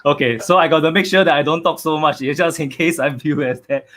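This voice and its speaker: A man's voice: a little high, fast talker, a bit bright. A man hosting a live video-call interview who mostly gives brief affirmations and reads out viewer comments. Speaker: host.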